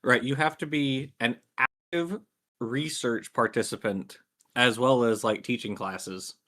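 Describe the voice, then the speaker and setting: A man's voice: mid-range voice, measured pace, sharp tone. A man with a Southern US accent, joking wryly as a guest on a casual stream. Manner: wry, joking banter. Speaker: guest co-host. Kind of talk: casual live-stream chat.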